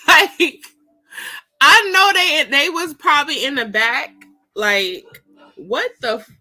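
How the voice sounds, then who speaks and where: A woman's voice: high-pitched, takes it slowly, long pauses, sharp tone. A woman casually reviewing a political debate on her own show, slangy and exclaiming, often breaking into laughter. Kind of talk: casual commentary.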